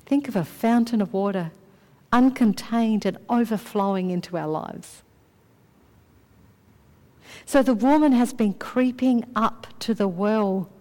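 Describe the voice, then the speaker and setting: A woman preaching a sermon in a measured way, slowing down to dwell on key phrases. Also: on the high side, darkish tone. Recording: long reverb of a large hall.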